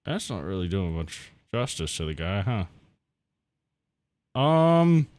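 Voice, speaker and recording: A man reacting to game trailers on a stream, with casual, profane commentary that breaks into surprised exclamations. He speaks slowly in a fairly low voice that swings widely up and down. Music plays in the background. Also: very animated, darkish tone, dry recording. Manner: swears a lot, laughs, exclaims in surprise. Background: game trailer audio and music.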